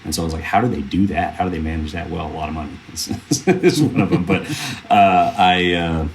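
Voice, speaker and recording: Man, very low voice, earnest, rambling with fillers, faint hum behind. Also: a little fast. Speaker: film producer, podcast guest. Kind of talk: casual interview storytelling.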